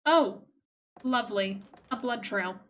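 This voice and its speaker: A woman's voice: mid-range voice, slow. A woman streaming a game live, reading its on-screen text aloud between her own reactive comments.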